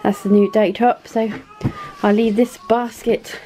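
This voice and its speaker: Chatty mum vlogging at home. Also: female voice, medium pitch, little pitch movement, a little slow, warm tone, slight background noise. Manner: chatty, scattered, talks to camera while doing chores. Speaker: vlogger, mother of four. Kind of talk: casual home vlog. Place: family house, indoors.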